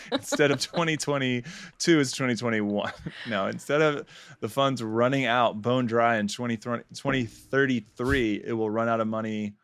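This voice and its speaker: A man's voice: mid-range voice, lively intonation, measured pace, a bit bright, no room sound. A man co-hosting a casual podcast chat, joking and sarcastic, laughing often. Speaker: podcast co-host.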